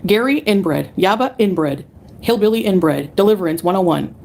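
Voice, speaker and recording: A woman's voice: mid-range voice, lively intonation, moderate pace, vocal fry, a little mellow, slight background noise. A woman livestreamer ranting angrily at her chat, profane and dismissive.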